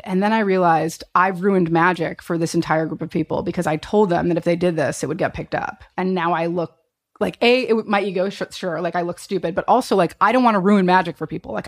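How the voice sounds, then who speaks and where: A woman in her thirties, a guest in a casual chat, telling an animated story and acting out quotes with laughs. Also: on the low side, vocal fry.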